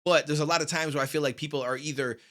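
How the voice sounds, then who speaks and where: A man talks fast in a casual, energetic reaction-video chat, heavy on slang. His voice sits a bit high and sounds bright and forceful. He records at home into a studio microphone.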